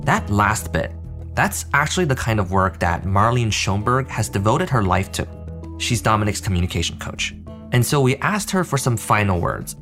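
A man co-hosting a podcast, narrating and asking questions in a calm, even way. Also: lowish voice, moderate pace, over music. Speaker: podcast host. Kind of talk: scripted narration.

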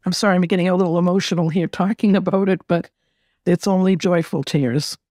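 Gentle reflective middle-aged woman, dry sound. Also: on the low side, fairly even intonation, a little fast, no echo. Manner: gentle, reflective, repeats words as she gathers thoughts. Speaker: interview guest. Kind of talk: heartfelt personal storytelling.

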